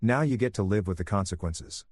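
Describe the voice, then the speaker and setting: A man voicing a betrayed husband who speaks with calm, controlled menace, in a dry, close recording. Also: on the low side, fairly quick, dry recording, lightly acted. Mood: menacing. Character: cold, vengeful betrayed husband, adult man.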